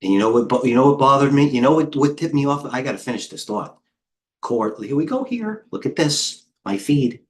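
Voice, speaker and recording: A middle-aged man hosting a live trading stream, talking in a rambling, excitable way and chatting with viewers. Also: mid-range voice, brisk. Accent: New York. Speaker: trading coach hosting a livestream. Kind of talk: casual live market commentary.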